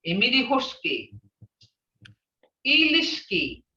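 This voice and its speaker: A woman's voice: a little high, huge pitch swings, slow pace, sharp tone. Older woman teaching, distant echoey sound. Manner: storytelling with many "you know" fillers. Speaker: language teacher. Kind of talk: teaching a language class. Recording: echoey, distant, dull recording.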